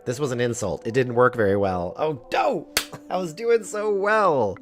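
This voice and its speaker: A man's voice: mid-range voice, normal speed. A man streaming a game, reading its text aloud and commenting with playful laughter. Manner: animated, laughing often, playful. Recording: music playing behind the voice.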